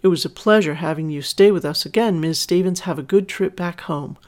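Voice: medium pitch, fairly quick, a little mellow, close to an everyday voice. A storyteller voicing a courteous male hotel clerk, eager to please.

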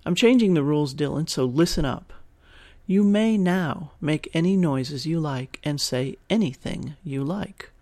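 A man voicing a commanding dominant woman who gives calm, clipped orders. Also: a little high, unhurried. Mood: stern.

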